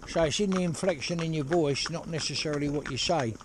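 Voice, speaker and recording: A horse trainer talking casually outdoors while driving a pony cart, rambling and chatty with lots of "you know". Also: male voice, on the high side, fast talker. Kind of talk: casual spoken instruction while driving ponies. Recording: loud hoof clatter and outdoor noise.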